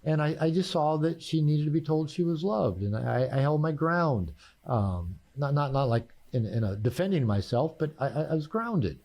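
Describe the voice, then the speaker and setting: Animated older man telling stories. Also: fairly high pitch, normal speed, creaky. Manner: animated storyteller, laughs at his own punchlines; frequent restarts and repeated words. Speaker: therapist and author, guest. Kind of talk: conversational podcast storytelling.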